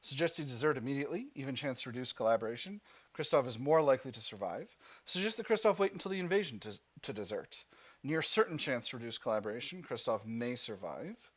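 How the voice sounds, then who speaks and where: A man at a middle pitch reads a game's story passages aloud, his voice rising and falling a lot. Between passages he thinks out loud, trailing off and restarting as he weighs his options. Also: animated, fast talker, slightly rough. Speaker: gaming channel host. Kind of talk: let's play commentary, reading game text aloud.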